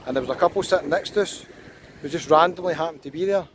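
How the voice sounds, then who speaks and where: A man's voice: on the high side, fast. A man with a Scottish accent chatting casually as he walks down a resort street, pointing out bars and shops to his camera. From Scotland. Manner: chatty, relaxed tour guide, pointing out places as he walks. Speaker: walking tour vlogger. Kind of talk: casual walking commentary. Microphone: handheld camera while walking. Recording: street noise behind the voice. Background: outdoor traffic and street ambience.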